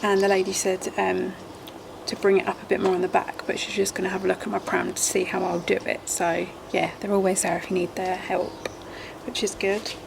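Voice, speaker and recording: A woman's voice: mid-range voice, level tone, fairly quick, gravelly. A young English woman, a first-time mum, chatting casually to camera at home, rambling and sometimes whispering. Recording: noisy home recording.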